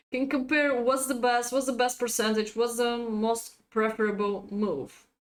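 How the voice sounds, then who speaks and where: A woman's voice: on the high side, little pitch movement, slow. A woman chess coach, a native Bulgarian speaker, giving a live-streamed lesson, chatty and laughing often as she reads out chat.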